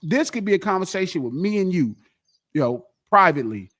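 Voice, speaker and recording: A man's voice: sits high, expressive, brisk, a bit bright, dry recording, clean studio sound. A man guest on a podcast, chatting casually and boastfully, repeating himself for emphasis. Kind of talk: casual chat.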